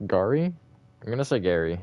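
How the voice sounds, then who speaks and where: A man's voice: fairly low pitch, moderate pace, lo-fi sound, slight background noise. A man streaming a building game live, chatting casually and reacting to viewer comments. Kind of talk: live gaming stream chat.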